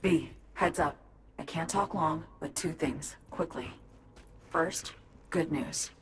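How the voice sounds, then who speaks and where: Young hacker, guarded, hurried, low-voiced, noisy game audio. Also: female voice. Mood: urgent. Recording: game audio with background noise.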